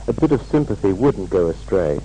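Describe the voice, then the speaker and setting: A man playing a gloomy man whose car broke down, in a scripted language-course dialogue, with a plain, measured delivery. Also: low voice, sing-song, mellow, a little hiss or hum, poor audio. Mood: glum.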